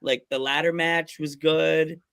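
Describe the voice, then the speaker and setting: A man hosting a wrestling podcast, telling stories in a casual, excitable way, often stumbling over his words and laughing. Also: fairly high pitch, a little slow, vocal fry, clean tone. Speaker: podcast host. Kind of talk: casual chat, storytelling.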